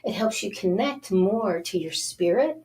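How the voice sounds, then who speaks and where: A woman hosting a self-help TV show, talking in an animated, coaxing way as she leads viewers through breathing exercises. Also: mid-range voice, unhurried. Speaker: host.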